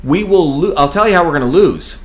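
A man's voice: on the high side, expressive, brisk. A man from New Jersey speaking in a heated, emphatic political talk, swearing freely and hammering on repeated phrases.

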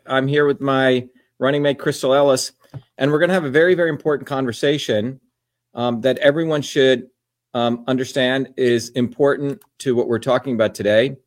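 An older man from India hosting a podcast, ranting in a combative, repetitive way. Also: mid-range voice. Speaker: podcast host and candidate. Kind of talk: casual political monologue.

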